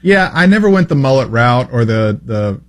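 A man in his twenties, a radio co-host, chatting casually in an easygoing, low-key way. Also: sing-song, normal speed. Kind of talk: casual chat.

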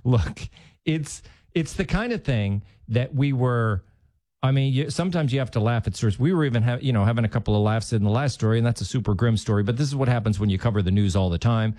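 A man hosting a talk radio show, musing aloud on a news story with halting restarts. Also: medium pitch, warm tone, no room sound. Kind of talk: casual talk radio commentary.

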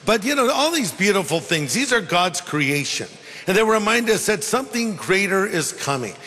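A man's voice: sits high, big pitch swings, normal speed, pushed and bright, long reverb tail. A male pastor preaching a sermon in a conversational storytelling way, with humorous asides.

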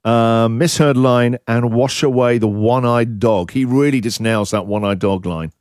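A man's voice: medium pitch, measured pace. A man hosting a comedic radio segment, playful and laughing often, mock-singing misheard song lyrics. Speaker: radio host. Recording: loud music bed behind.

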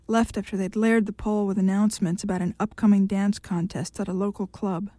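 A woman narrating a novel aloud in an even, measured reading. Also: medium pitch, no echo, studio quality.

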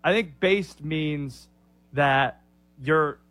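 A man's voice: on the high side, drawn-out words, a bit bright, dry recording. Hesitant man thinking aloud, dry sound. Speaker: co-host taking the quiz. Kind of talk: casual show banter.

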